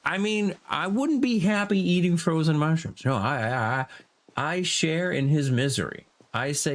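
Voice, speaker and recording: A man giving casual gameplay commentary in a low, muttering, laid-back way. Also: measured pace. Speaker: gamer.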